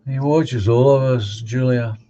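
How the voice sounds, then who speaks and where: A man's voice: medium pitch, fairly even intonation, unhurried, warm tone, lo-fi sound, a little hiss or hum. A middle-aged man with a Glasgow accent, chatting casually and bluntly as a livestream host reading out viewer comments. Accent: Glaswegian. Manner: blunt, opinionated, reads viewer comments aloud. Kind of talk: casual chat.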